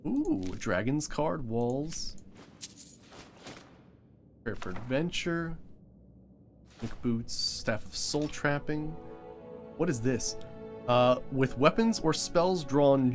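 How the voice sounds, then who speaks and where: A man's voice: medium pitch, slow, long pauses, soft background music. Young guy streaming a game, gets super hyped, laughs a lot, voice jumps around. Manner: excitable, laughs often, exclaims. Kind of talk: live gameplay commentary.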